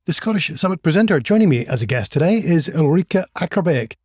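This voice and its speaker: Upbeat male podcast host, fairly high. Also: very animated, quick pace, a little mellow, husky, no room sound, studio quality. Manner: upbeat, friendly, jokey. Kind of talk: podcast intro and interview chat.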